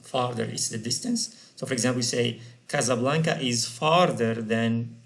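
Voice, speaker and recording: A man's voice: mid-range voice, moderate pace, vocal fry. A man teaching an English grammar lesson, patiently repeating and spelling out example words.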